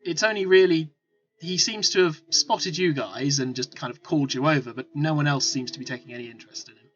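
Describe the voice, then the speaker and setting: A man's voice: a little high, a little fast, fairly bright tone. A man narrating as game master, rambling with many fillers and restarts. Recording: lo-fi with faint music.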